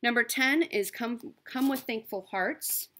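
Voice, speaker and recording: A woman with a slightly high, bright voice and a forceful tone talks a little slowly as a cross stitch vlogger. Upbeat and talkative, she does casual show-and-tell, with frequent ums and self-corrections.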